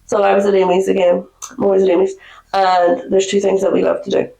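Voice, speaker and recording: A woman co-hosting a podcast, telling stories in a chatty, animated way, a little under the weather from a cold. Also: mid-range voice, quick pace, creaky. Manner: chatty storyteller, animated quoting. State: recovering from a cold. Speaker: podcast co-host. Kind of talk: casual chat. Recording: echoey room.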